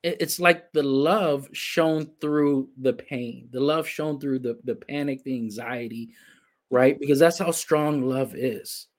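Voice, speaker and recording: A man hosting a broadcast interview, talking in a reflective, halting way with many restarts. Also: medium pitch. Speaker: host. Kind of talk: interview conversation, livestream.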